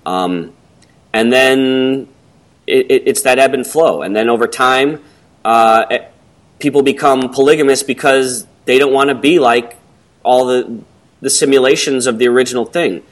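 A middle-aged man co-hosting a casual talk, rambling and hesitant, with many pauses and ums. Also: medium pitch. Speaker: podcast co-host. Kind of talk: casual conversation.

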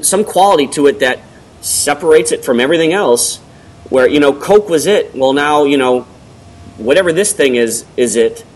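Rambling man in casual chat. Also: mid-range voice. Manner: rambling, hesitant with many ums. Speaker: podcast co-host. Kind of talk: casual conversation.

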